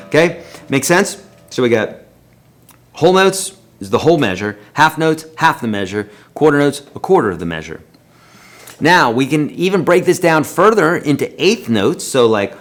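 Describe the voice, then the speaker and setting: A man's voice: medium pitch, expressive, normal speed. A man teaching a live-streamed guitar lesson, counting beats aloud in a chatty, encouraging way.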